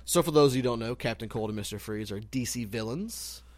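A man's voice: mid-range voice, fast, dry recording. Man, radio host, casual banter, joking, dry close sound. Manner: joking, loose, leads the segments.

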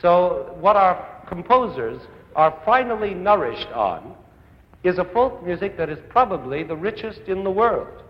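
A man's voice: high-pitched, sing-song, a little slow, muffled recording. A man giving an eloquent, enthusiastic lecture on music to a young concert audience from a concert hall stage. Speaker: conductor and music educator. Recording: echoey old broadcast from a concert hall.

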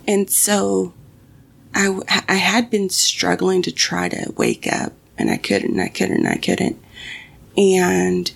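A woman's voice: medium pitch, big pitch swings, takes it slowly, vocal fry, slightly rough. A young woman telling a personal story casually, swearing often and restarting her sentences. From Mexican family.

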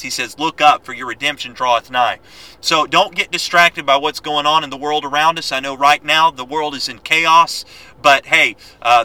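A man teaching a Bible lesson, reading scripture aloud and exhorting his listeners in an earnest, quick-paced way with frequent restarts. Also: mid-range voice, bright, forceful tone, low-quality recording.

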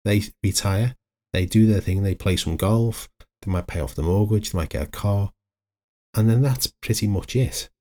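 A man's voice: on the low side, normal speed, dark tone. A middle-aged man, hosting a solo motivational podcast in a chatty, anecdotal way that wanders into side stories. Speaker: podcast host, life coach.

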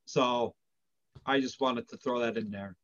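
A man co-hosting a podcast who speaks quietly and from the heart in short, simple sentences. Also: mid-range voice, fairly even intonation, unhurried. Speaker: podcast co-host. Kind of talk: casual podcast chat. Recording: dull lo-fi sound.

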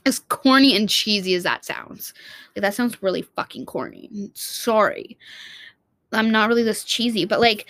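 A woman's voice: medium pitch, moderate pace, a bit bright. A young woman vlogging in a casual, heartfelt monologue, rambling and restarting her sentences and swearing casually.

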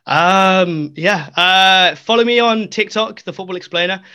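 Young man, podcast guest, lively storyteller, high bright voice, dry close sound. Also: measured pace, smooth, dry recording. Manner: animated, acts out quotes, many fillers. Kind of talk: casual storytelling.

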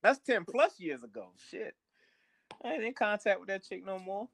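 A man's voice: high voice, lively intonation, normal speed, vocal fry, fairly bright tone. A young man co-hosting a family podcast in casual chat, blunt and profane, often repeating words as he starts a thought. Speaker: podcast co-host.

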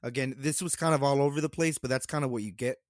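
A young man hosting a casual podcast chat, excitable and laughing, often repeating his words. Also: medium pitch, fast talker, no echo, clean studio sound. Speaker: podcast host.

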